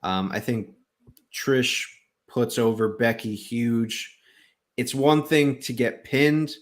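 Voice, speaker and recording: A man hosting a casual wrestling podcast, relaxed and hesitant, with many fillers. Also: medium pitch, slow. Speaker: podcast host.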